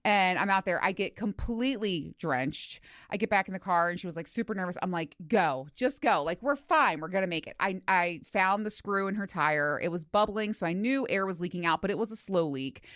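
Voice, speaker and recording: A woman's voice: medium pitch, fairly quick, few pauses, fairly bright tone, no room sound, studio quality. A middle-aged woman hosting a podcast, telling a story in casual, chatty talk with swearing and quoted asides. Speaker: podcast host. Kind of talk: casual solo podcast chat. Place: home studio.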